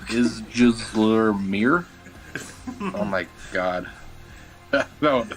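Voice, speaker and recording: Slow-talking low-voiced Mexican-accented man. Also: soft background music, rough recording. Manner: stumbles over names, swears casually. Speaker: guest. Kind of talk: casual chat reading history facts.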